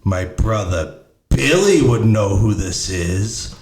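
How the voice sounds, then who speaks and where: A man voicing a mocking ghostly woman on a phone line, with a low, gravelly, sing-song voice. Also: lively intonation, slow pace, darkish tone, roomy sound, a little hiss or hum.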